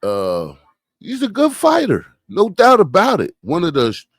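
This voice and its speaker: A man's voice: high-pitched, wildly swooping pitch, a little slow, husky, dry recording, studio quality. A man hosting a podcast, giving casual boxing commentary with emphatic rhetorical questions and repeated phrases. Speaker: podcast host.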